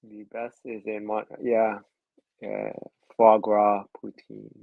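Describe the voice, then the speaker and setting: A man's voice: fairly low pitch, completely flat delivery, takes it slowly, gravelly, dry recording, phone-quality sound. A man on a whisky tasting panel, bantering casually and laughing often.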